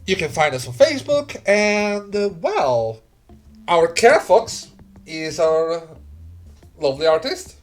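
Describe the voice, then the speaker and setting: A man narrating a tabletop role-playing game as game master, unhurried and full of fillers. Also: a little high, big pitch swings, faint music behind.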